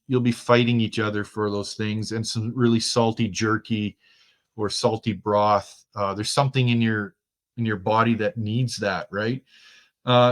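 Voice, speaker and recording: A middle-aged man from Germany with no accent, a guest in a casual interview, talking in an easygoing, chatty way and laughing easily. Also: mid-range voice. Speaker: guest, outdoors expert.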